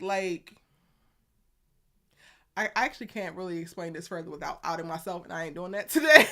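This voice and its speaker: A woman's voice: mid-range voice, fairly bright tone. Give me a young woman with a Baltimore accent, hosting a chatty live stream and reading out viewer comments. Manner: chatty, reads viewer comments aloud, laughs often. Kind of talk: casual live-stream chat.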